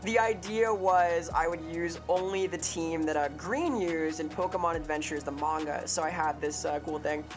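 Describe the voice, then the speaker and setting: A woman streamer talking casually to her live chat, quick to get excited and swearing freely. Her voice sits on the lower side for a woman. Faint music plays behind her.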